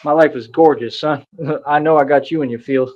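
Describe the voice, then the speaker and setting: A man's voice: on the high side, steady tone, normal speed, no echo. A man hosting his own livestream, delivering a rambling, boastful and preachy monologue that talks down to his viewers. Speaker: livestream host. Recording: dull lo-fi stream audio.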